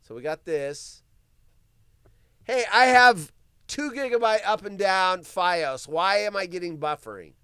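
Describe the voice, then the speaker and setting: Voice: medium pitch, expressive, a little slow, a bit bright, clean tone, no echo, clean studio sound. A live stream host doing solo commentary, ranting with profanity, mocking asides and laughter while reading the news aloud.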